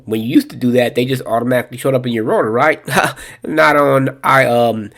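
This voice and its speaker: A man hosts a casual how-to session, his voice mid-pitched and ordinary. He talks in a laid-back, joking way, narrating each step as he navigates menus. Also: fairly even intonation, fairly quick, vocal fry, a bit bright. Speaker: tutorial host. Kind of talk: casual screen-reader tutorial walkthrough.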